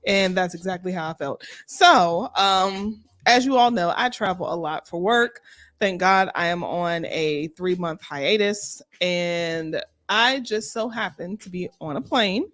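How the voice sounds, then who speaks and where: A woman's voice: on the low side, unhurried. A woman co-hosting a casual chat show, telling a personal story and acting out both sides of the dialogue. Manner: animated, acts out dialogue in voices. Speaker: podcast co-host.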